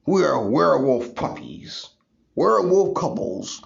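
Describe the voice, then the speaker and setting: A man voicing a friendly male werewolf salesman who makes a rambling pitch broken by howls. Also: sing-song, measured pace, gravelly, heavily acted. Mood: salesy. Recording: dull lo-fi recording.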